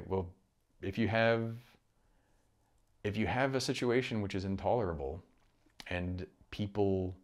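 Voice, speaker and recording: Man, low voice, rambling solo monologue with restarts and profanity. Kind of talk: casual monologue. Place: home room.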